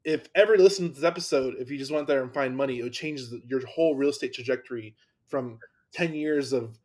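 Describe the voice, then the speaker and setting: A man's voice: mid-range voice, fast, darkish tone. A man hosting a podcast in casual conversation, enthusiastic and often repeating words as he talks. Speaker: podcast host. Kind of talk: casual interview talk.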